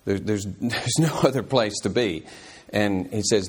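A man teaching a church Bible class in an earnest, explanatory way, halting often with fillers and restarts. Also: lowish voice, slightly rough.

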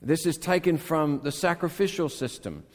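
A man preaching a sermon as pastor, animated, swinging between emphatic calls and hushed tender passages. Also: a little high, normal speed, in a large hall. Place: church sanctuary.

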